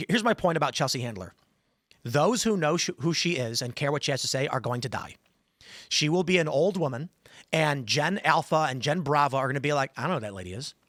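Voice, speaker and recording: A man hosting a podcast, telling stories in an animated way and acting out the voices in them. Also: fairly high pitch, no echo, clean studio sound. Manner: animated storyteller, acts out quoted voices. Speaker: podcast host. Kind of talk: casual talk-show chat.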